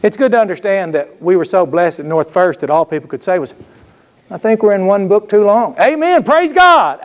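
A man's voice: a little high, darkish tone. A man preaching a sermon, telling folksy stories and throwing call-and-response asides to the congregation. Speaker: pastor.

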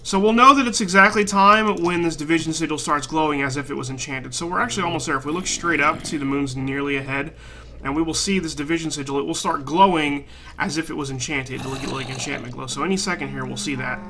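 A man giving gameplay commentary, swearing a lot and flaring into loud frustrated outbursts. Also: a little high, fast, slight background noise. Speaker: let's play gamer.

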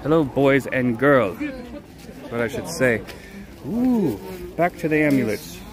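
A man's voice: medium pitch, big pitch swings, measured pace. A playful man streaming from a street market, his phone picking up a busy crowd all around him. He jokes and hams it up in a theatrical way as he wanders. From United States. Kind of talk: casual live stream walking commentary. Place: outdoor night market street. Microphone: handheld phone. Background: busy crowd chatter.

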